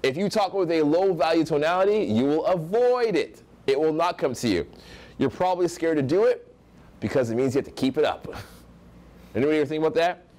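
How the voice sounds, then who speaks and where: Energetic American man coaching a crowd. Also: a little high, a little fast. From United States. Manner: energetic, projecting, acts out example voices. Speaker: social skills coach. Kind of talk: live seminar teaching.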